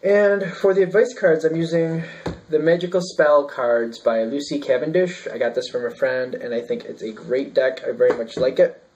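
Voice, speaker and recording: A man with a somewhat high voice talks through a tarot reading in an easy, casual way. He rambles as he thinks aloud, with plenty of ums and restarts. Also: moderate pace, a little mellow, lo-fi sound. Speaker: tarot reader.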